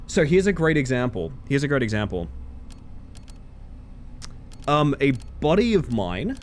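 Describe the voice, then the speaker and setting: A man streaming a game from home and chatting casually in a rambling, animated way. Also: medium pitch, slight background noise. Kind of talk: casual chat while gaming.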